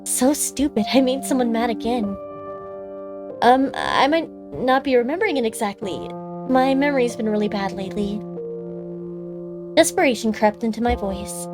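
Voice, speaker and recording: High-voiced girl streaming a story game, reads it out then chats, lots of "like", faint music behind. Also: expressive, moderate pace. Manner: chatty, many "like" fillers when commenting. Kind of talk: reading a visual novel aloud and commenting.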